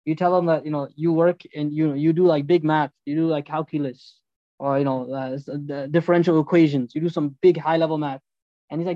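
A man giving a storytelling sermon as a religious teacher, animated and acting out the dialogues. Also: fairly high pitch, fairly quick, dry recording, lo-fi sound.

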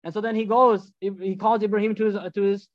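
A man giving a storytelling sermon as a religious teacher, animated and acting out the dialogues. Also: high voice, fast talker, no echo, lo-fi sound.

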